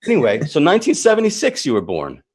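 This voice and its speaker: A man's voice: fairly high pitch, quick pace, husky. A man in his forties from New York, hosting a casual chat and telling a story with lots of laughter. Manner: animated, laughs often, jumps into quoted voices. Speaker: podcast host.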